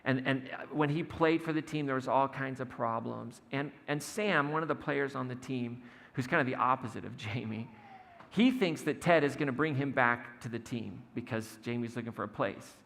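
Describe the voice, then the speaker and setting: Gravelly-voiced man preaching in echoey church. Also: medium pitch, moderate pace. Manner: casual storytelling, retells scenes with quotes. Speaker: pastor. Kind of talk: conversational sermon. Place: church sanctuary. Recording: long hall reverb, soft music behind.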